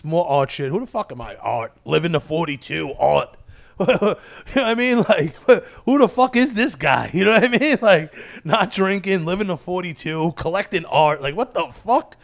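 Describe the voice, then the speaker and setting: A man's voice: sits high, animated, normal speed, creaky. A man, a comedian hosting his own show, telling rambling profane stories in a tired, casual monologue and laughing at himself. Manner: profane, digressive storytelling. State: tired, running on fumes.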